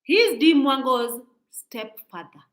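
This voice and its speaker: A woman's voice: high-pitched, animated, takes it slowly, reverberant, poor audio. A woman in her forties giving a scolding, preachy commentary monologue, repeating her points. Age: 40s. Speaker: social media commentator.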